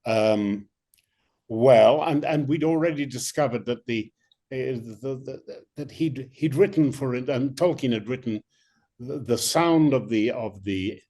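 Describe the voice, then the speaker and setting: An older male actor, a guest in an interview, telling animated stories with many restarts. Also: medium pitch, measured pace. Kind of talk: interview anecdotes.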